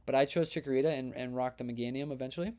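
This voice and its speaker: Upbeat, warm-toned streamer guy. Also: medium pitch, rapid-fire. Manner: energetic, chatty, reads chat aloud and hypes votes. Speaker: livestream host. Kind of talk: casual live-stream chat.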